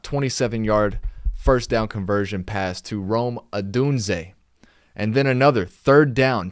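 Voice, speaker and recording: A man's voice: mid-range voice, no room sound. Exasperated man recapping football, dry sound. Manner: exasperated, rhetorical questions, reading from notes. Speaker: podcast host recapping games. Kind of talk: casual live-stream recap.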